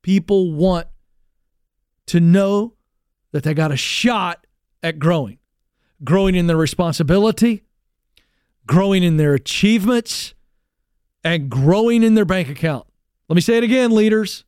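A man hosting a career advice call-in show, delivering an energetic, emphatic monologue with repeated points and quick asides. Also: high voice, clean tone, dry recording, studio quality.

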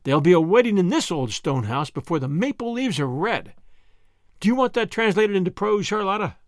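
A man's voice: high-pitched, big pitch swings, brisk, dry recording, clean studio sound. A man voicing a dreamy, romantic young woman who speaks earnestly and firmly. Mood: emotional.

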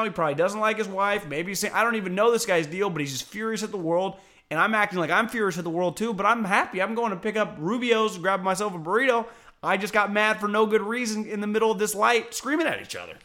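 A man co-hosting a relaxed podcast, with a high voice and a bright, forceful tone. He tells stories with animation and swings from easygoing to loud and heated. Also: fast talker. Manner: animated storyteller, swings between laid-back and shouty. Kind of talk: casual podcast chat.

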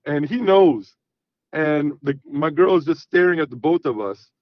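Podcast guest, man, raunchy animated storyteller, slightly high voice, dull dry recording. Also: moderate pace, no echo. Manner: profane, animated, acts out quoted dialogue. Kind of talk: casual storytelling.

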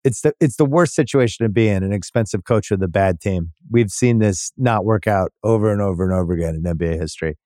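A man's voice: on the low side, quick pace, few pauses, a little mellow, dry recording, clean studio sound. A man hosting a sports podcast, thinking aloud in casual chat with restarts and the odd swear. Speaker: podcast host.

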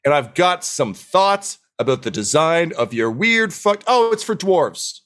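A man's voice: on the high side, sing-song, a little slow, a bit bright, voice pushed up. A man voicing a theatrical, self-important female gnome scientist who makes dramatic proclamations. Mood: grandiose.

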